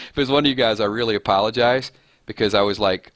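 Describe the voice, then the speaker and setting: Low-voiced rambling live-stream host man. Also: fast, fairly bright tone, dry recording, studio quality. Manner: rambling, chuckling, self-deprecating. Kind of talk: casual live-stream chat.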